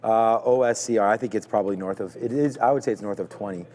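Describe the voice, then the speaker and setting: A man's voice: fairly low pitch, fast talker, mellow, big-room sound, slight background noise. A man co-hosting a live trading stream, talking through stock earnings in a hedging way and restarting his sentences. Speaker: co-host of a live trading show. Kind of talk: casual market commentary.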